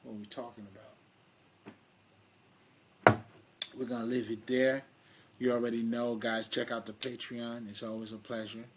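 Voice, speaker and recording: A man's voice: mid-range voice, little pitch movement, normal speed, long pauses, background noise. A man with a Haitian accent hosting a casual spiritual monologue, blunt, streetwise and heavy on swearing. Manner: blunt, profane, streetwise and emphatic. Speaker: spiritual video host.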